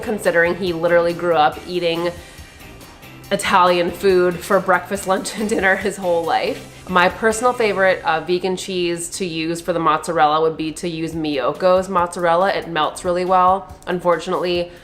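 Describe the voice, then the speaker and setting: A woman hosts a home-cooking video, talking casually and brightly with loose fillers as she explains a recipe. Her voice sits a bit low for a woman. Soft music plays faintly underneath. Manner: chatty and upbeat, with casual fillers. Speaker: cooking channel host.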